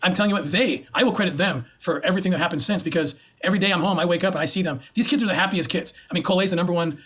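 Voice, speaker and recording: A man's voice: high-pitched, very fast, fairly bright tone. A man talking as an interview guest in an earnest, emphatic storytelling way. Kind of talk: interview conversation.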